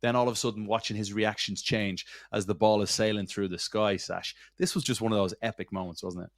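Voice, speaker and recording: A man's voice: fairly low pitch, fairly even intonation, fairly quick, dry recording, studio quality. A man hosting a soccer talk show, keeping the energy up with teasing banter. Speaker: host. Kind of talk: casual sports chat.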